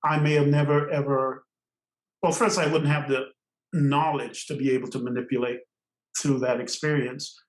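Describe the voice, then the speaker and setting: An older man from Trinidad, a podcast guest, telling stories in an animated way and laughing often between phrases. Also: medium pitch, moderate pace, reverberant, low-quality recording. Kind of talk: storytelling interview.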